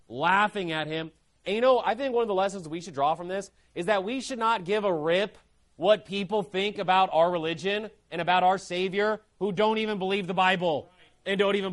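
A man preaching a sermon, fervent and emphatic. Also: high-pitched.

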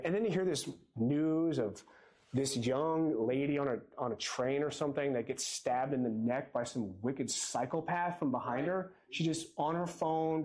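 A man's voice: fairly high pitch, darkish tone. A man preaching a sermon from a church pulpit, earnest and exhorting in a conversational way. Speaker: lay preacher.

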